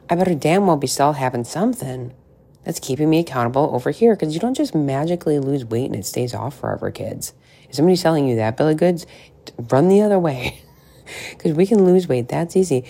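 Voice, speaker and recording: A woman's voice: a bass voice, dark tone. A middle-aged woman coaching on weight loss in a frank, chatty monologue, swearing freely and tossing in asides. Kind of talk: casual podcast monologue.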